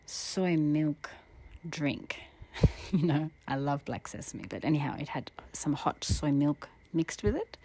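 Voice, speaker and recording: Woman, deep voice, gravelly fry, astrologer's reflective talk, soft half-whispers, earnest. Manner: soft-spoken, often dropping into a breathy half-whisper; earnest and heartfelt. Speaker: astrologer and tarot reader. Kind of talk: reflective spiritual monologue with a personal story.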